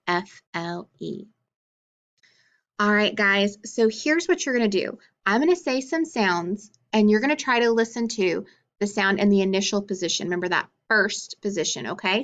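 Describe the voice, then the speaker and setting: A woman teaching a phonics lesson to children, encouraging them to repeat after her and spelling out letters clearly. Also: mid-range voice, a bit bright, highs cut off. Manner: slow, clearly spelled-out drilling of letters and sounds.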